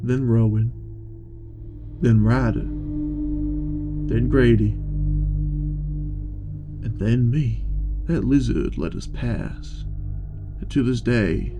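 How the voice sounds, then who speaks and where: A man's voice: mid-range voice, over music, natural voice. A man playing a weary adventurer who narrates past events in the first person. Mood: solemn. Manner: slow, measured recollection.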